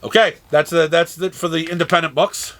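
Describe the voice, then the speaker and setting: A man casually running through a comic shop's weekly new releases, listing titles with dry, sarcastic asides and halting restarts. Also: on the high side, fairly even intonation, a bit bright, a little hiss or hum.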